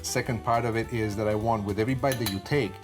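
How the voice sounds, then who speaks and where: A man in his sixties with an Italian accent, hosting a cooking show and explaining a dessert in an expressive, storytelling way. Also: lowish voice, fast talker, music in the background. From Sicily, Italy. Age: 60s. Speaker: TV chef host.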